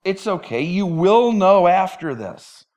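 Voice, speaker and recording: A preacher voicing a patient, gentle teacher. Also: male voice, high-pitched, slow pace, lo-fi sound, exaggerated voice. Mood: reassuring. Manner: calm, reassuring.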